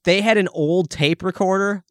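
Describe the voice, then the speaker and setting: A man's voice: high voice, moderate pace, fairly bright tone, no echo, clean studio sound. A young man co-hosting a podcast, chatting casually, swearing a lot and breaking into little sung jingles. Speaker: podcast co-host. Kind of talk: casual chat.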